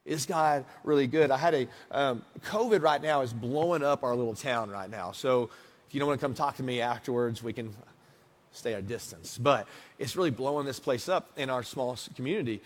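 A man in his thirties preaching a conversational sermon, moving between hushed asides and emphatic passages. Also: medium pitch. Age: 30s. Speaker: pastor. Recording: long hall reverb.

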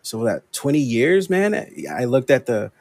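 A man's voice: mid-range voice, big pitch swings, moderate pace, a little mellow, dry recording. A man in his thirties from Los Angeles chatting casually as a podcast co-host, candid and confessional, often saying "man". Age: 30s. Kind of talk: casual chat.

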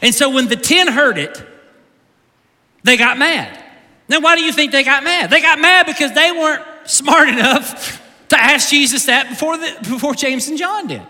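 A pastor delivers a humorous sermon in a high, sharply bright voice whose pitch swings widely up and down. He is animated and joking with the congregation, repeating words mid-sentence at a moderate pace, while the long reverb of a large church hall rings around him.

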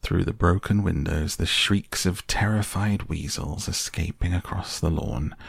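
A man reads a storybook tale aloud in a very deep, gravelly voice, taking it slowly and dramatically. The sound is close and dry with no room to it. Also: no echo. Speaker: narrator. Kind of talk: storybook reading.

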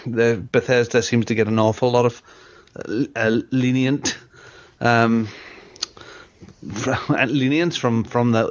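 A man chats casually about games, quizzing his friend and giving opinions with a dry edge. His voice is middle-pitched. The recording sounds dull and lo-fi. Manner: wry, opinionated, asks questions. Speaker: podcast co-host. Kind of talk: casual gaming chat. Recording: dull lo-fi audio.

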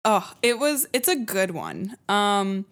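A woman's voice: mid-range voice, wildly swooping pitch, slow pace. A woman guesting on a podcast, giggly and gushing as she overshares with her hosts. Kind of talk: casual comedic podcast chat.

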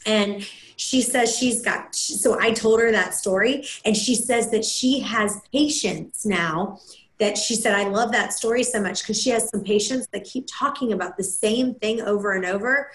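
A woman's voice: mid-range voice, unhurried. A woman hosting a podcast, telling stories enthusiastically in casual chat. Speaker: podcast host. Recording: echoey room.

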